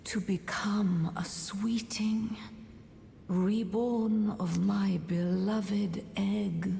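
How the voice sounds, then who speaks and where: A woman voicing a sorrowful queenly sorceress who dotes on rebirth, speaking in archaic words in a breathy half-whisper. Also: medium pitch, steady tone, drawn-out words, mellow, slight background noise, exaggerated voice. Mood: coaxing whisper. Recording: game audio with long reverb.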